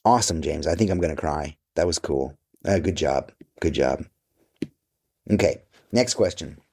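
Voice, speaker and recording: A man voicing a mock-serious male interviewer in a lower, deadpan voice. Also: normal speed, gravelly, breathy edge, heavily acted.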